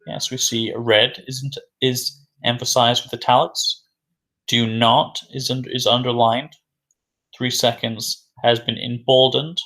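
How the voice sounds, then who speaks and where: A male English teacher talks through a vocabulary lesson at an unhurried pace. His voice sits at an ordinary middle pitch. He repeats each new phrase and answers his own questions in a patient, measured way. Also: flat delivery, sharp tone. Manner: slow and deliberate, repeating key words; asks questions then answers them himself.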